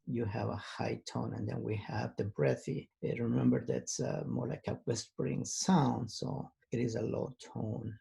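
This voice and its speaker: A man teaching an online language lesson, talking patiently and haltingly with many pauses and fillers. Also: medium pitch, vocal fry, a little mellow, husky.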